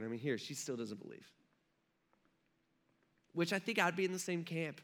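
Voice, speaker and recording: Pastor, man in his thirties; bright, slightly high voice; relaxed, jokey preaching style. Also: normal speed, long pauses. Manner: chatty, joking, acts out the story in quotes. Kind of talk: casual sermon with humorous asides.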